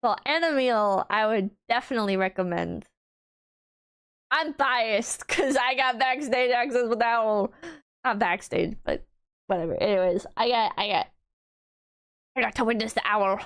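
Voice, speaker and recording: A woman streamer chatting casually on a livestream, gushing and bubbly, piling on fillers and restarts, and swooping up high when excited. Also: normal speed, pauses often, clean tone. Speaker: VTuber streamer.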